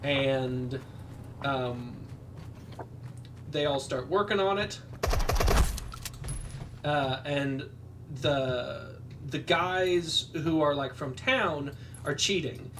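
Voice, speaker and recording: A man's voice: a little high, drawn-out words, pauses often, far from the mic, noisy background. A man casually retelling a movie plot while playing a game, rambling with lots of fillers and quoted lines. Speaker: podcast co-host.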